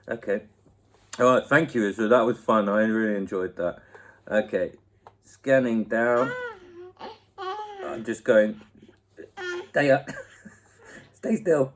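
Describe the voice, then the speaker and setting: Speaking slowly and pausing often, this young channel host has a voice on the low side, with slight background noise. He's at home fielding viewer questions into a laptop mic, playful and full of laughter, and he talks to a baby as he goes.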